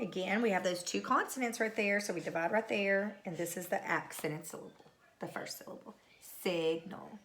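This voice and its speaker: Middle-aged woman teacher, bright tone, unhurried, patient dictation of spelling words. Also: on the high side. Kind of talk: recorded spelling lesson. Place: home.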